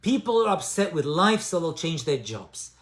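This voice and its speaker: A man's voice: fairly high pitch, very animated, moderate pace. A man delivers an informal talk on addiction recovery and spiritual growth. His delivery is conversational and personal, full of "right?" and "you know." He drives his points home by repeating the key phrases. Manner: emphatic repetition of key phrases.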